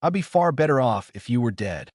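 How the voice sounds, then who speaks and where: A man voicing a hot-headed young ninja boy who shouts back in a raised voice. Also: mid-range voice, animated, brisk, no echo, clean studio sound, pitched above the performer's own voice, close to an everyday voice. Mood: upset. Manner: shouting, upset.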